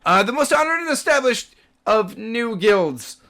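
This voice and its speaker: A man's voice: on the high side, sing-song, takes it slowly, vocal fry, a bit bright, pitched above the performer's own voice, heavily acted. A man voicing a nervous male city gate guard who stammers and speaks overly formally. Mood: flustered.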